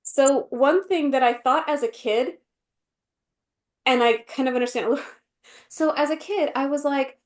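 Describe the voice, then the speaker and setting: A woman co-hosting a podcast in casual chat, animated and full of fillers, often acting out quotes. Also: high voice, measured pace, pauses often. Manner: animated, acts out quotes in voices, many fillers. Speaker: podcast co-host.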